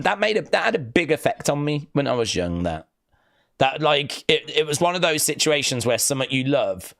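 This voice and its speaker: Medium in pitch and fairly bright in tone, this man's voice comes through clean studio sound with no room sound. He's hosting a wrestling live stream, casually rambling about fond memories with many fillers and acted-out quotes.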